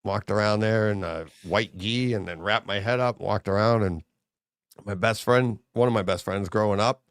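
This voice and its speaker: A man's voice: fairly low pitch, normal speed, clear, resonant tone, no echo, studio quality. A middle-aged man hosting a livestream, telling stories in casual chat, laughing often and acting out quotes. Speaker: livestream host.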